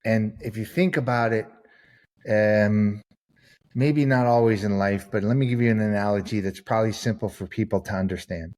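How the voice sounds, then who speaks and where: A man's voice: on the low side, fairly even intonation, normal speed, a little mellow. Earnest man telling stories. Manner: earnest storyteller, acts out quoted people. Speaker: author and podcast guest. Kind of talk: conversational interview answer.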